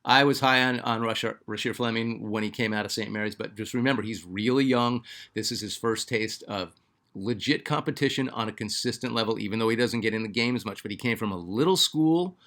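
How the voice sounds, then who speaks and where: A man's voice: on the low side, brisk, fairly bright tone. A man hosting a basketball fan channel, chatting casually and reading out viewer comments, with lots of fillers and restarts. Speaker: sports channel host.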